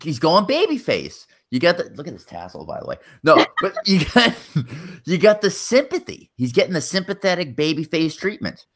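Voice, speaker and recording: Male co-host, lively swinging pitch, jokey and animated, casual talk. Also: moderate pace. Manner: animated, joking. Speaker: podcast co-host. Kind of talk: casual chat.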